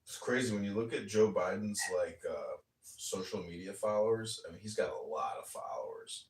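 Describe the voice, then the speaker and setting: Animated man in an echoey room. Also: on the low side, normal speed. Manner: animated, mocking, swears freely. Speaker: podcast host and political candidate. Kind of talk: casual chat. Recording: echoey room, mic at a distance.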